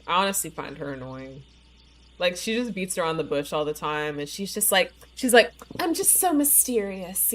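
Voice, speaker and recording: Chatty woman streamer with a sore tongue. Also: fairly low pitch. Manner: chatty, lots of "like" and "you know". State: sore bitten tongue, slightly slurred speech. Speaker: livestream gamer. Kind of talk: casual live-stream chat while playing.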